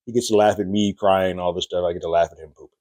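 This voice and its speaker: A man with a deep, low-pitched voice talks through a TV episode in a relaxed, chatty recap. He tells the story loosely and pops up into a higher voice when acting out lines. The sound is dry and close, with no room behind him. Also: quick pace, no echo. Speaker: podcast reviewer. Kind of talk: casual recap and review.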